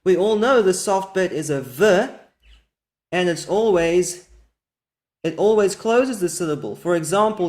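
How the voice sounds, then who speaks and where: A teacher giving a methodical recorded lesson, slowing down to spell out each example word carefully. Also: medium pitch, expressive, a little mellow.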